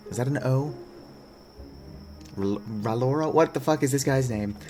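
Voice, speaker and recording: A man's voice: medium pitch, normal speed, long pauses, darkish tone, soft background music. A man giving casual let's-play commentary with wry, self-mocking asides as he reads game text aloud. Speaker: gaming video creator.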